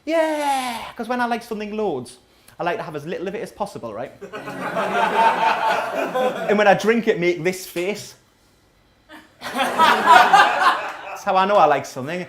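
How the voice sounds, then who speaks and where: A man's voice: sits high, big pitch swings, measured pace, long pauses, noisy background. A man, doing a chatty, sardonic live stand-up set in a small coffee shop, often checking in with the crowd. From North East England. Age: 30s. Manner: sardonic, chatty, keeps asking the crowd "right?". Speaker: stand-up comedian.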